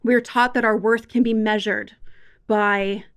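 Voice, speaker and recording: A woman's voice: mid-range voice, fairly even intonation, unhurried, smooth. A woman sex educator talking frankly and wryly as a podcast guest, emphatic and conversational.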